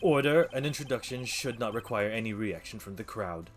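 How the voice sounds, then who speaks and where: A stern, easily flustered old judge, as a man puts him on over faint music behind. His rulings come slow and drawn out, pitched a little above the performer's usual voice. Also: animated, close to an everyday voice.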